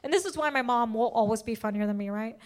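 A woman doing a stand-up comedy set, telling personal stories with animated delivery and loud bursts when she acts out scenes. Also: on the high side, quick pace.

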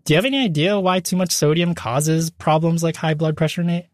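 A man hosting a casual science show, explaining facts in a relaxed, chatty way. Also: on the high side, brisk, no echo, studio quality. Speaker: podcast host.

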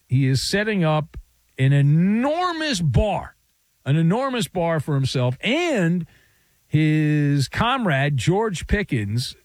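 Male sports talk host, sarcastic and playful, very lively pitch swings, dry close mic. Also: dry recording. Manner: wisecracking, sarcastic, playful riffs.

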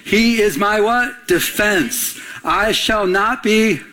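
A male pastor preaching in an animated, conversational way, telling personal stories and having listeners fill in words. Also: sits high, slow pace. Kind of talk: sermon with personal storytelling.

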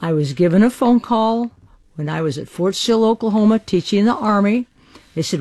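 A woman's voice: medium pitch, normal speed, a little mellow. A woman in her eighties, from the United States, speaking emphatically in an archived radio interview about her life. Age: 80s. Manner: emphatic, spirited storytelling.

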